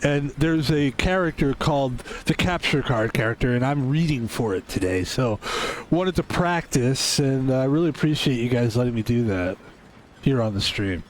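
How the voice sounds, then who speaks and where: A man's voice: mid-range voice, lively intonation, normal speed, slight background noise. A young adult man streaming a game, chatting casually in a rambling, joking way with plenty of swearing. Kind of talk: casual gaming stream chat.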